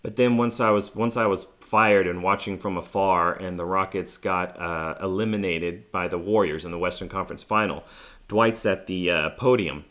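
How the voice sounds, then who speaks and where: A man's voice: low voice, steady tone, normal speed, fairly bright tone. A man with a loose, filler-heavy way of talking tells a long casual story about his time working with a team. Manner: rambling, filler-heavy, lots of 'like'. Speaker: former team staffer telling a story.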